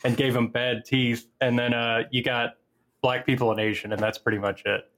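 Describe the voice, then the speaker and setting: A man co-hosting a gaming podcast, speaking over a call from a home mic. He has an ordinary mid-range pitch for a man. He talks bluntly and crudely, and he rambles with many fillers. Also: flat delivery, normal speed, a bit bright. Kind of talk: casual chat.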